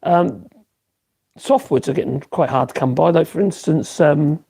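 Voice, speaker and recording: Gravelly Norfolk man in his fifties. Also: a little high, a little slow, warm tone. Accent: Norfolk English. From Norfolk, England. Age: 50s. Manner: rambling, many fillers and restarts, chuckles. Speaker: woodworker livestream host. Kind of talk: casual livestream chat answering viewers.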